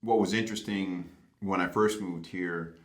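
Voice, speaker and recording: A man's voice: low-pitched, fairly even intonation, normal speed. A man from Boston with an American accent, speaking reflectively in an interview and telling anecdotes. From Boston, United States.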